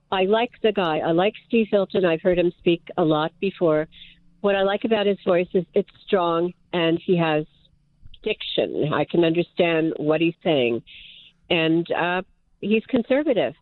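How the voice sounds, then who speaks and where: A woman calling a radio show, speaking in a friendly, measured way. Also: fairly low pitch. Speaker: caller. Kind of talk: call-in opinion. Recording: phone line.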